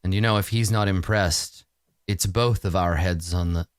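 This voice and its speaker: A man voicing a smug, scheming noblewoman villain who speaks in a low, slow, silky way. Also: fairly even intonation, smooth, no echo, studio quality, lightly acted. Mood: menacing.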